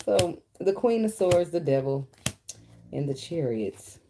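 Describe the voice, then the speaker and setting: A woman's voice: fairly low pitch, animated, unhurried, warm tone, slight background noise. A woman, giving a casual, blunt tarot reading full of swearing and chatter to the cards. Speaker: tarot reader.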